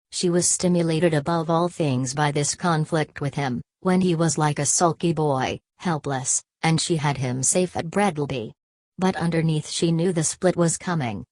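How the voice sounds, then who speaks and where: A woman narrating an audiobook of a classic novel in a steady, measured reading. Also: low-pitched, no echo. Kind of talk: scripted narration.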